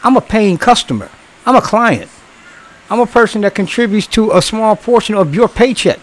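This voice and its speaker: A man's voice: sits high, expressive, moderate pace, low-quality recording. A man in his sixties who once worked in customer service, bluntly lecturing in a casual monologue, swearing and repeating himself. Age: 60s.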